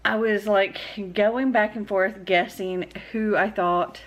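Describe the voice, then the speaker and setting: A woman's voice: mid-range voice, fairly even intonation, slow, lo-fi sound. A woman chatting casually in a vlog, recorded on a phone camera indoors, rambling and laughing easily. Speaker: book vlogger. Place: indoors at a house.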